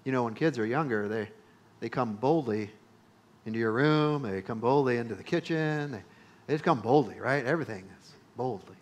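A male pastor preaching a sermon, emphatic, repeating phrases and building to loud peaks. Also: mid-range voice, moderate pace.

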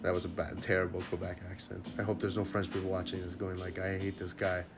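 A man hosting a card-opening video, chatting casually to viewers and getting excited, jumping high when good cards show up and dropping to quiet murmurs in between. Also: fast talker. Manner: excitable, jumps up high when hits appear, then drops to low murmurs. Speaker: card-opening channel host. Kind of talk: casual unboxing chat to viewers. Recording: music playing under the voice.

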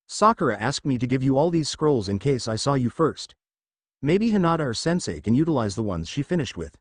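A man voicing a cheerful young male ninja giving calm advice in a read-aloud fan story. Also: medium pitch, fairly quick, no echo, studio quality. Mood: advising.

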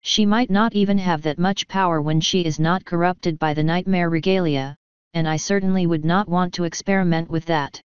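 A woman voicing a calm, regal female pony princess who speaks formally, in a storybook reading. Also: lowish voice, clean tone, dry recording, natural voice. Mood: thoughtful. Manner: formal, measured speech. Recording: dull lo-fi dry recording.

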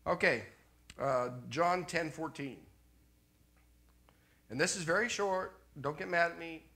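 An older man preaching a sermon as pastor, animated, jumping from loud exclamations to quiet asides. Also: a little high, measured pace.

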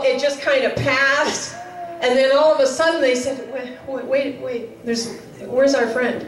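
A woman telling a story at a chapel service, acting out the dialogue in a casual, conversational way. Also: high-pitched. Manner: retells a story with quoted dialogue, conversational fillers. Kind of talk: sermon storytelling. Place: chapel hall. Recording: echoey hall, voice from far off.

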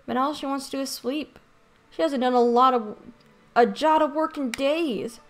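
A woman's voice: sits high, moderate pace, lightly acted. Woman doing a fretful old-fashioned husband.

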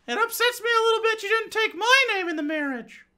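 Squeaky whiny man-child husband. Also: animated, a little fast, pushed and bright, full character voice. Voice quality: squeaky, whining.

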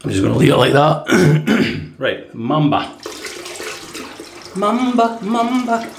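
Male vlogger, relaxed and chatty, mid pitch, echoey bathroom with faint running water. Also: moderate pace, creaky, background noise. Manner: relaxed, chatty, says "right" often. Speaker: shaving vlogger. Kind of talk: casual shave demonstration. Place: home bathroom.

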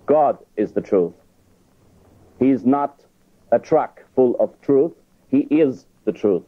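A priest giving an emphatic lecture on church teaching, arguing with rhetorical questions. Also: male voice, medium pitch. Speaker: priest and theologian. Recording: tinny lo-fi archive recording.

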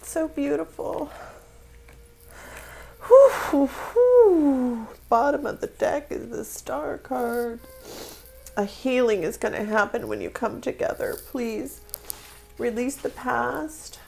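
Slow, gravelly-voiced woman reading tarot. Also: a little high. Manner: slow, emotional, spiritual. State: tearful. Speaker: tarot reader.

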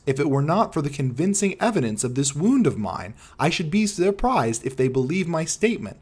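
A man reading the part of a pale, shaken young engineer in an audiobook, his voice rising to high excited notes. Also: slightly rough.

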